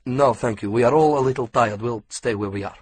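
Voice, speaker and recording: A man voicing a cold, controlled middle-aged villain who threatens calmly. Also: medium pitch, brisk, breathy edge, lightly acted. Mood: menacing. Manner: calm and menacing.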